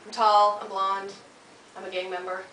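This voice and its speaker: A woman's voice: mid-range voice, level tone, moderate pace, very noisy. An American woman performing a stand-up comedy set, chatty and playful, teasing the crowd and putting on silly voices. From United States. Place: comedy club stage. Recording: echoey club, mic heard from a distance. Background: audience laughter.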